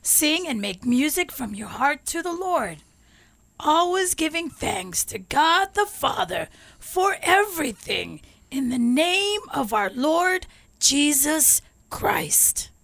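A woman gently reading a Bible passage aloud in a soft, measured way. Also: high voice, big pitch swings, gravelly, no echo. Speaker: scripture reader.

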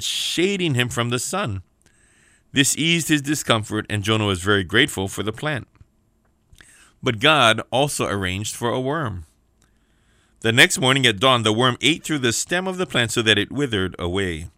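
Forceful, bright-voiced preacher man. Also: mid-range voice, no room sound, studio quality. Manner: emphatic preaching with repeated phrases and rising calls. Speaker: prison minister. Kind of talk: sermon.

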